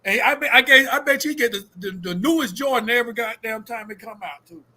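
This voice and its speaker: A man co-hosting a podcast, talking loudly and emphatically with lots of swearing. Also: very high-pitched, fairly quick. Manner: loud, emphatic, repeats "so guess what". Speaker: podcast co-host. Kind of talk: casual chat.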